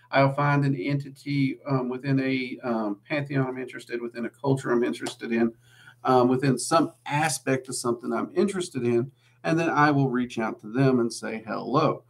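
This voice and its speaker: Man, Southern US accent, gravelly voice, mid pitch, chatty rambling livestream host. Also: steady tone, normal speed. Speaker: livestream host answering viewer questions. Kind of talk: casual livestream Q&A.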